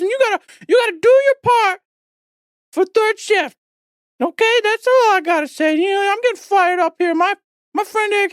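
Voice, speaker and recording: A chatty little male Christmas elf rambles in a very high, squeaky voice, folksy and grumbling as he pleads. It is a comic podcast bit, with the voice sitting close and dry with no room sound around it. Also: fairly bright tone, dry recording. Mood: fired up. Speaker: podcast host.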